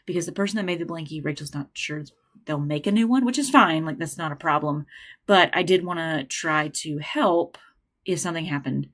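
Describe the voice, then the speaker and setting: A woman's voice: sits low, fairly quick, a bit bright. A woman hosting a knitting podcast from home, chatting casually and rambling with lots of fillers and restarts. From United States. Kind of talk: casual chat.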